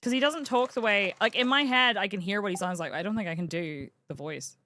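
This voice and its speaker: A woman's voice: medium pitch, fairly quick, sharp tone, slight background noise. A young British woman chatting casually and giggling as she streams a farming game. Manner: giggly, chatty, self-mocking. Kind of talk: casual game livestream chat.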